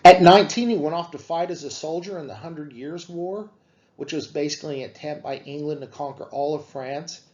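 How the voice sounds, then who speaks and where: A man giving a classroom lecture on literature, explaining slowly with frequent fillers. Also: on the high side, darkish tone, highs cut off.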